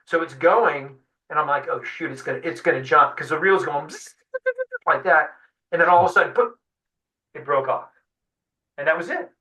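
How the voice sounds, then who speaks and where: A man, a fishing guide, telling a lively story in an interview, acting out what people said. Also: fairly high pitch, moderate pace, long pauses. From San Diego. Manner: animated storyteller acting out quotes. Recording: echoey room, distant mic.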